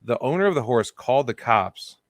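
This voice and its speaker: A man co-hosting a comedy podcast, telling stories in an animated way and laughing as he goes. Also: mid-range voice, fairly quick, no echo, studio quality. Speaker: podcast co-host. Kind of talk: comedic storytelling chat.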